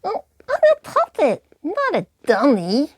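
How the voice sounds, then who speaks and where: A woman's voice: wildly swooping pitch, no room sound, exaggerated voice. A woman voicing a perky little puppet sidekick that chirps in cheeky answers. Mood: chirpy. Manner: chirpy, cheeky, high and slow.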